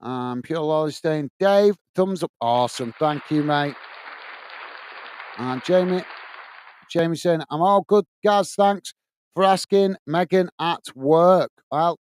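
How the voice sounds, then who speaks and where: Some chatter can be heard behind a slightly high male voice speaking at a slow pace. The speaker, an Englishman, hosts a live football watchalong stream, calling the play and reading viewer messages in a chatty manner.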